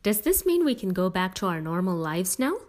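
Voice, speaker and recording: A woman voicing an excitable, demanding teenage girl in a storybook reading. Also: lowish voice, brisk. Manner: demanding, exasperated.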